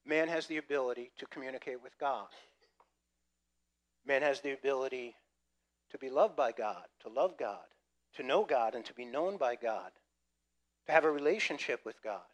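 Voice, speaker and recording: A man preaching a sermon, lively and conversational, swinging between loud emphasis and quiet asides. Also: medium pitch, moderate pace, pauses often. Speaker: pastor.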